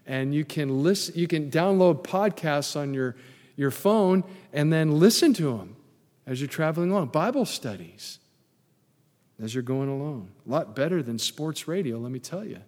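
A man's voice: on the high side, expressive, normal speed, darkish tone. A male pastor delivering a conversational sermon with joking asides to his congregation. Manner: conversational preaching with asides and humor. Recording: long reverb in a large hall.

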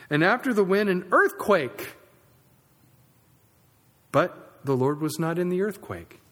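A man preaching a sermon in a church sanctuary, swinging between loud emphasis and quiet asides. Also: a little high. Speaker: pastor. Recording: long reverb of a large sanctuary.

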